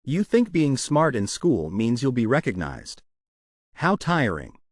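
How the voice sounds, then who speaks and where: A man's voice: mid-range voice, wildly swooping pitch, measured pace, no room sound, clean studio sound. A man voicing a brutal, arrogant young male trainee who sneers with contempt, read as part of a recap narration. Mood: contemptuous.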